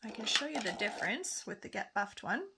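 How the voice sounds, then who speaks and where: A woman's voice: medium pitch, expressive, a little fast, noisy background. A woman nail technician chatting casually through a tutorial as she paints, often correcting herself mid-sentence. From Canada. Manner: chatty, talks while painting, self-correcting.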